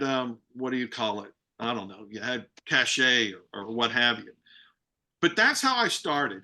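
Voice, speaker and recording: Male guest on a video call: vivid storyteller, bright forceful tone, voices the other people in his anecdotes. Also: medium pitch. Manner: animated storyteller, acts out dialogue, many restarts. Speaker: guest speaker, real estate broker.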